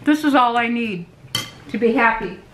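A woman's voice: a little high, lively intonation, normal speed, fairly bright tone, slight background noise. A woman vlogger chatting casually to camera at home, self-deprecating and laughing often.

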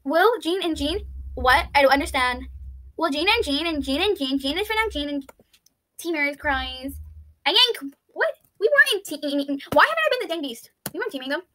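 A woman giving excitable, chatty gameplay commentary, thinking aloud and pleading loudly when things go wrong. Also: high-pitched, moderate pace. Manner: thinks aloud, with frequent "let's see" and "I don't understand". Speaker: YouTuber playing an online game.

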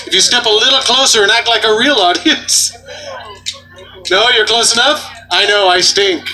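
A man performing as a street juggler, bantering and joking loudly with an outdoor festival crowd. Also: high voice, moderate pace. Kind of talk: comedic stage patter.

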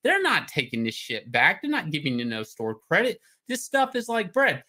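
A middle-aged man, a comic artist hosting his own show, ranting loudly and swearing as he jumps from topic to topic. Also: a little high, wildly swooping pitch, normal speed. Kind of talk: profane livestream rant.

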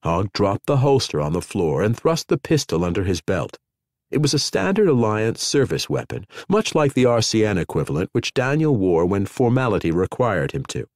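Reading a scripted audiobook, a man whose voice sits on the low side narrates in an expressive, storytelling way at normal speed. There's no echo, and the audio is studio quality.

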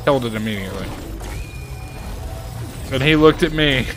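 A man streaming a game and chatting casually, ranting in an animated way and jumping to high exclaims. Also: normal speed, long pauses, soft background music. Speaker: gaming streamer. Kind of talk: casual chat while playing a game.

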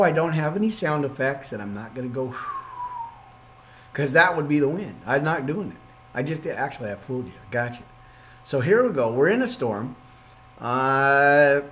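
A man leading an informal Bible study podcast, reading scripture aloud and breaking off into excitable, jokey asides. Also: a little high, slight background noise, low-quality recording. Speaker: podcast preacher.

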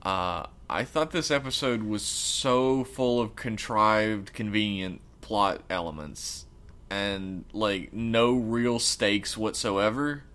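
A man's voice: on the low side, slow pace, clean tone. A man co-hosting a casual podcast, swearing freely and acting out the characters as he recaps an episode. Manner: profane, animated recapping with put-on quotes. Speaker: podcast co-host. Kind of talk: casual chat.

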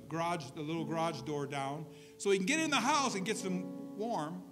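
A man preaching a sermon as pastor, telling a story in a conversational way with frequent asides to his congregation. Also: sits high. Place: church service.

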